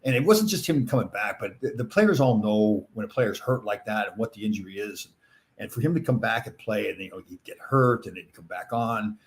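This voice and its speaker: A man's voice: fairly low pitch, expressive, fairly quick. A middle-aged man hosting a podcast, chatting casually and answering listener questions, rambling with lots of fillers and laughing often. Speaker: podcast host.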